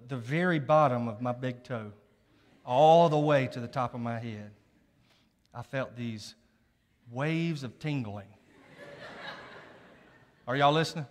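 A man preaching a sermon as a story, folksy, laughing at himself and checking in with the audience. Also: medium pitch. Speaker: pastor. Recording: long reverb of a large hall.

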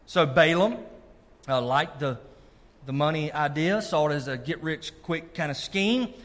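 Pastor, man, lively sermon delivery, slightly high voice, long hall reverb. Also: unhurried. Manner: animated preacher, asks the congregation if they are listening. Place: church sanctuary.

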